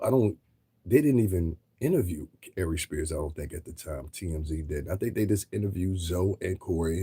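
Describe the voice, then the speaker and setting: A man's voice: low-pitched, darkish tone, breathy edge, no room sound. A man commentating on a livestream in a blunt, profane, lecturing rant.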